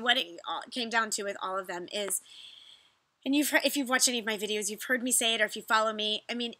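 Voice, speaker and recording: A woman's voice: a little high, bright, forceful tone, no room sound. A woman fitness vlogger chatting casually to her viewers, talking in loose bursts with restarts and reading their messages aloud. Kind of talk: casual chat to camera.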